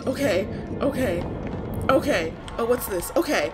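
A woman's voice: on the high side, expressive, normal speed, music in the background. A woman giving let's-play commentary, jumpy and swearing, who shrieks when she gets scared. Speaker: gamer.

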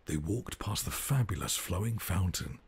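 A man narrating a rhyming storybook in a game with a husky voice, in a measured, sing-song delivery. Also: deep voice, animated, exaggerated voice.

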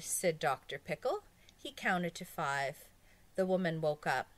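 A woman reading a children's story aloud in an expressive storybook manner. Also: dry recording. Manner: expressive, slow, lively pitch. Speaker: audiobook reader. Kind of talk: storybook narration.

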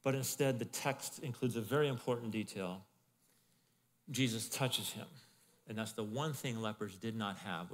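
A male pastor giving a sermon in a conversational, animated way, with asides to the congregation. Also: fairly low pitch, big-room sound. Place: church in Arizona.

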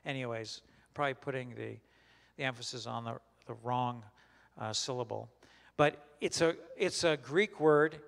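A man leading a Bible study as a pastor, teaching in a conversational, halting way with many restarts and questions put to the group. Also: medium pitch, vocal fry, in a large hall. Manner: questions the group and repeats their answers.

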